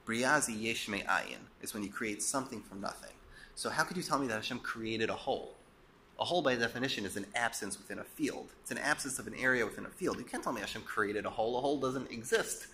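A man teaching a Torah class, explaining and posing rhetorical questions, a bit hoarse and coughing as he loses his voice. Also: fairly low pitch, sharp tone, a little hiss or hum. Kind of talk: lecture.

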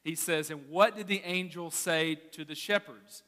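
A pastor preaches in a casual, animated style, telling stories to his congregation. His voice sits high and rings bright. The sound carries the long echo of a large sanctuary. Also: normal speed. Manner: animated, conversational preaching with storytelling. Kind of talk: sermon. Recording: reverberant hall.

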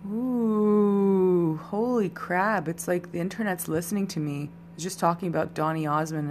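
A woman's voice: low voice, slight background noise. A woman hosting a solo podcast, chatting in a rambling, casual way straight to her listeners, a little tipsy. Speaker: podcast host.

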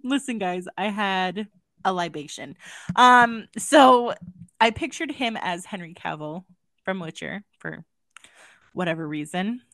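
A woman's voice: medium pitch, animated, a little slow, fairly bright tone, no echo, clean studio sound. A woman co-hosting a casual book review podcast, talking animatedly and slipping into silly voices to mock characters. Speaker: podcast co-host.

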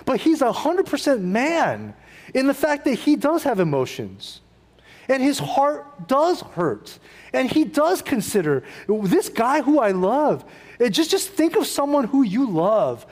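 A man's voice: extremely high pitch, huge pitch swings, a little slow, long reverb tail. A middle-aged man preaching a sermon in a casual, conversational way, acting out quotes and adding asides. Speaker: pastor.

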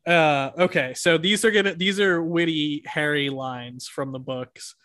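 A man co-hosting a podcast in casual chat, halting and full of fillers and restarts as he reads book excerpts aloud. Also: a little high, fairly bright tone, no room sound, clean studio sound. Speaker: podcast co-host.

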